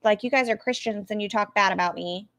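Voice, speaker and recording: A woman's voice: medium pitch, quick pace, a bit bright. A woman streaming a reaction, making wry, sarcastic comments to her chat.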